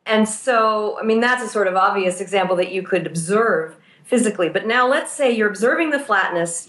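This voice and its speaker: A woman's voice: mid-range voice, fairly bright tone, echoey room. A woman who works as a therapist and teaches pastoral care, explaining her ideas thoughtfully in a conversational interview and walking through examples.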